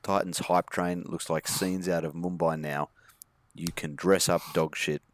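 A man's voice: low voice, flat delivery, measured pace, dry recording. A man co-hosting a casual podcast, reading out tweets and swearing freely. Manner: swearing, joking, playful put-on accents. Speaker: podcast co-host.

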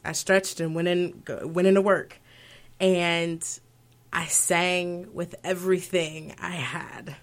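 Woman, opera singer, interview guest, lower pitch, emotional storyteller. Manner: emotional, animated storytelling with laughter.

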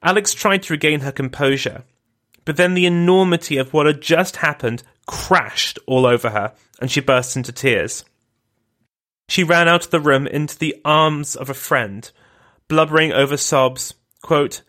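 A man hosting a podcast, giving scripted historical narration in a measured, grave way. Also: a little high, bright, forceful tone. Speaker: podcast host.

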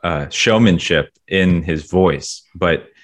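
Deep-voiced rambling podcast co-host. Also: male voice, slow pace. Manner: rambling with many fillers. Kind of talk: casual chat.

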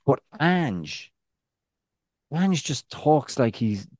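A man's voice: mid-range voice, sing-song, drawn-out words, darkish tone, dry recording. A man co-hosting a football podcast, talking in a rambling, casual way full of fillers. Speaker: podcast co-host.

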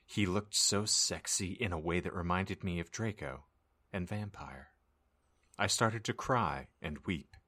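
A man's voice: deep voice, unhurried, sharp tone. A man co-hosting a comedy podcast, ranting sarcastically and reading a story aloud with theatrical flair. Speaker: podcast co-host.

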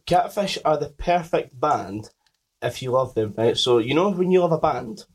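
A man's voice: mid-range voice, expressive, normal speed, a little mellow, breathy edge, low-quality recording. A Scottish man hosting a podcast, chatting in an opinionated way with some swearing. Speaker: podcast host. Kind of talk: casual chat.

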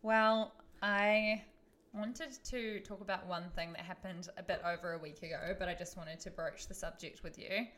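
A woman's voice: lowish voice, fairly even intonation, moderate pace, fairly bright tone. A young woman co-hosting a podcast, chatting casually in a blunt, gossipy way. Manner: gossipy, blunt, laughs into lines. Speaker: podcast co-host. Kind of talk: casual chat.

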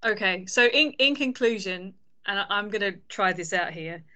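A woman's voice: mid-range voice, lively intonation, moderate pace, bright, forceful tone. Friendly woman hosting a podcast. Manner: friendly, asks questions, laughs along. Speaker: podcast host. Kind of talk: casual interview chat. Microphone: video call.

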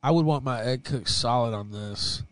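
A mid-range, clean-toned male voice speaks at a normal speed with no echo. He's running a laid-back livestream, reacting to videos and chat with lots of laughter, profanity, and opinions.

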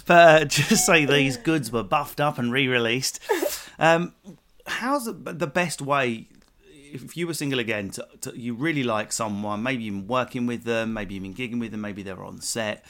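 A man with an English accent hosting a comedic podcast chat, rambling and self-mocking with quick asides. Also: mid-range voice, a bit bright. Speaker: podcast host.

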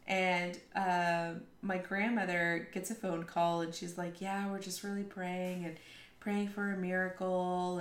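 A woman's voice: on the low side, fairly bright tone. A woman telling stories in a casual chat, candid and playfully crude, laughing often. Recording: roomy echo.

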